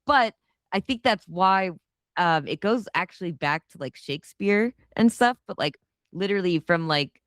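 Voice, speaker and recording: A woman's voice: on the low side, animated, normal speed, fairly bright tone, dry recording, clean studio sound. A woman co-hosting a film podcast, chatting casually and animatedly, swearing often. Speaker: podcast co-host. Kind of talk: casual chat.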